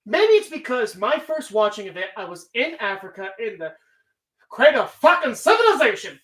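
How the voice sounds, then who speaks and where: A woman's voice: fairly high pitch, big pitch swings, normal speed, fairly bright tone. A woman hosting a live stream, talking casually in a rambling, profane way. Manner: rambling, heavy swearing. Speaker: streamer host.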